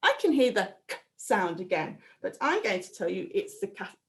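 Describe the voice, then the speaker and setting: A woman teaching a phonics lesson to young children, prompting them with slow, clear, drawn-out sounds. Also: medium pitch, sing-song. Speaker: primary school teacher.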